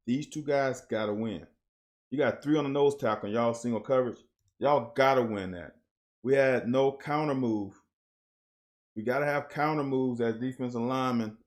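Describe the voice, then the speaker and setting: A man's voice: medium pitch, a little mellow. A man breaking down football game film in blunt, coach-like casual commentary, picking up energy on big plays.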